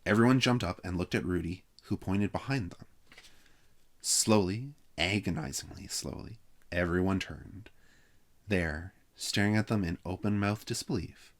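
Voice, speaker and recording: A man reading a children's novel aloud with steady, expressive narration. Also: deep voice, measured pace. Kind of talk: read-aloud story narration.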